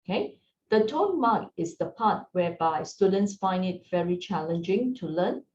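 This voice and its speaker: A woman teaching a beginners' Mandarin lesson, gentle and encouraging, often checking in with her learners. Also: fairly low pitch, lively intonation, moderate pace. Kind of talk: slow, patient language lesson. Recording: roomy, distant, dull sound with faint hiss.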